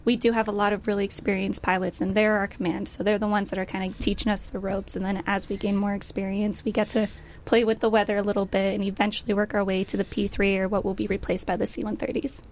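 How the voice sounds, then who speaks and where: A young woman, hoarse from losing her voice, answering interview questions in an upbeat way and laughing often. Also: medium pitch, level tone, quick pace, slight background noise. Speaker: guest pilot. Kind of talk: casual interview chat.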